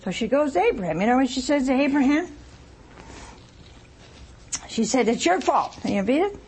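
A woman preaching a sermon, retelling a scripture story with lively rhetorical asides to her congregation. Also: high voice, normal speed, breathy edge.

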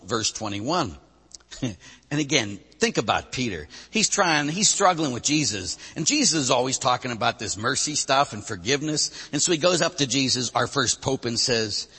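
A man, a Catholic priest preaching a sermon, swinging between loud bursts and hushed drops. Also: medium pitch, expressive, moderate pace, slightly rough. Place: church. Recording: long church reverb.

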